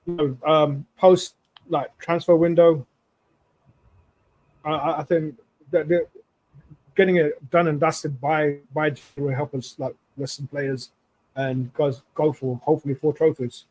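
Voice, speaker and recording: A man with a somewhat high voice co-hosts a sports talk show. He shares his views haltingly, filling gaps with "um" and restarting his sentences. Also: fairly even intonation, a little mellow, low-quality recording. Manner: halting, many fillers and restarts. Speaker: podcast co-host.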